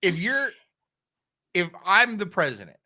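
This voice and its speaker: Man podcast co-host, jokey riffing, lively pitch, bright tone. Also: unhurried, dry recording, clean studio sound. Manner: jokey, does mock voices and bits. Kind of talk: casual chat.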